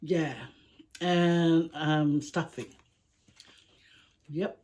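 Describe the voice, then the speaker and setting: A woman vlogging a mukbang at home, chatting casually to her viewers in an unhurried way, with small laughs and sighs. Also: sits low, level tone, a little mellow. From Samoa. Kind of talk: casual chat to camera.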